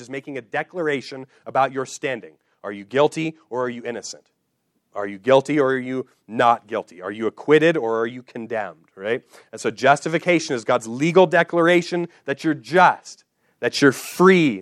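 A man's voice: mid-range voice, no room sound, studio quality. A male pastor preaching a teaching sermon, emphatic and repeating key phrases so they stick.

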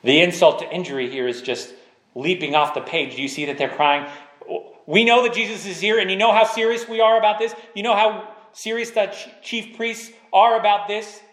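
A man with a notably high voice delivers an emphatic sermon. He drives his points home with repeated rhetorical questions aimed at the listeners. The sound carries a roomy echo. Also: a little fast, a bit bright. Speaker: preacher.

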